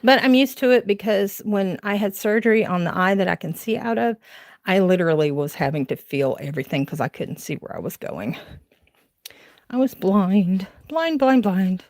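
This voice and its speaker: A lowish, animated voice moves along briskly, with no room sound. It belongs to a Southern woman in her forties hosting a late-night crafting livestream from home, chatting with viewers, laughing often and rambling as she goes from room to room.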